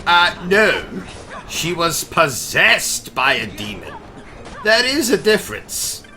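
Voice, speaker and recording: A man's voice: a little high, huge pitch swings, takes it slowly, pushed and bright, soft background music. A British man hosting comedic gaming commentary, pompous and theatrical, full of exclamations. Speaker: gaming channel host. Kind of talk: comedic let's-play commentary with skits.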